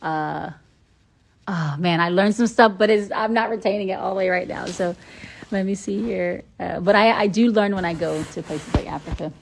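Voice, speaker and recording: A woman's voice: medium pitch, normal speed, vocal fry. A woman from Atlanta, Georgia, chatting casually and playfully on a live stream from her phone, with lots of filler ums.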